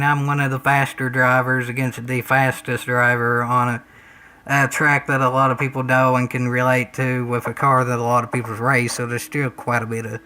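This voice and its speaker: A man's voice: mid-range voice, sharp tone, a little hiss or hum, poor audio. A man with a Southern US country accent giving casual, rambling commentary over a racing game, folksy and full of "y'all" and "ain't".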